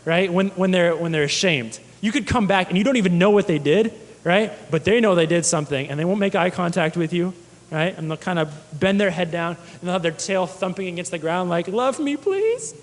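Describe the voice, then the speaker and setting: A pastor with a high, brisk voice preaches in a large hall, telling stories and asking his congregation questions.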